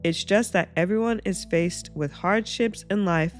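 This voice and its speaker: A woman reading online stories aloud as host of her channel, breaking off into animated asides and reactions. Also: mid-range voice, a little slow, faint music behind. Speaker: reddit story reader and reactor.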